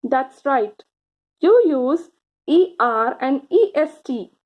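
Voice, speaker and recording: A woman teaching grammar to children, speaking slowly and encouragingly, stretching out key words and pausing for answers. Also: high voice, animated, narrow, tinny audio. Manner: slow, encouraging, drawn-out words with pauses for answers.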